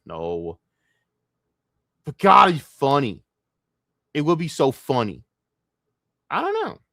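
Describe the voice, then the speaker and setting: A man's voice: lowish voice, fairly bright tone, no room sound. Rambling, profane male streamer, dry sound. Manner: rambling, profane, trails off and laughs to himself. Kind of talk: casual solo livestream rant.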